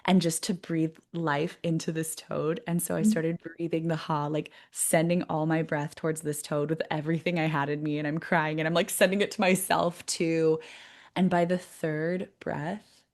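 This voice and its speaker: A woman with a slightly low voice talks as a podcast guest. She tells her story in a lively, conversational way and laughs often. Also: moderate pace. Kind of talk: casual interview storytelling.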